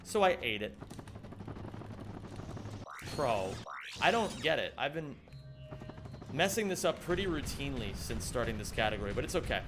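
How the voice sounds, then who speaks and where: A man's voice: mid-range voice, sing-song, moderate pace, pauses often. A man live-streaming a game, chatting with his viewers, reading their messages aloud and snapping back in mock indignation. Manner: banters with chat, reads messages aloud, mock-indignant outbursts. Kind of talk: live-stream chat while gaming. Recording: music playing behind the voice.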